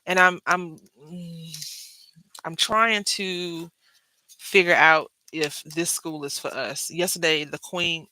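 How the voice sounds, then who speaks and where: A bright, forceful-sounding woman talks casually to her viewers while she crafts. She drifts from the project into stories and addresses the audience directly. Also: lowish voice, fairly even intonation, slow, slight background noise, poor audio. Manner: chatty storyteller, drifts between crafting and anecdotes. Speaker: craft vlogger.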